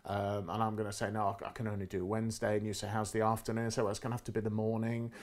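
A man's voice: on the low side, level tone, racing. A middle-aged man in casual conversation who tells stories from his sales career and acts out the quoted lines with rising and falling inflection. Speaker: guest speaker on negotiation.

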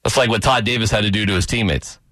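A man's voice: fairly low pitch, dry recording, studio quality. A man hosting a sports radio show, bantering casually and joking about the day's news. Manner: joking, animated, quick asides.

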